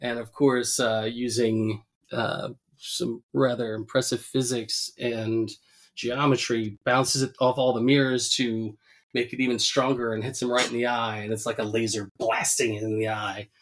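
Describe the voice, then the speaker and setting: A man's voice: mid-range voice, flat delivery, a little slow. Laughing man recapping a cartoon. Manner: laughs often, quotes characters in raised voices. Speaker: podcast co-host. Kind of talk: casual chat recapping a cartoon episode.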